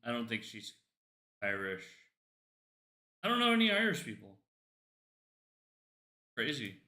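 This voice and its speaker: A man chats loosely while he plays a game on a livestream, rambling and cracking jokes to himself. His voice is very bright and sharp, of middling pitch. The sound carries a roomy echo. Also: big pitch swings, a little slow. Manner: rambling, jokey, talks to himself. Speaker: streamer. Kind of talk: casual livestream chat while gaming.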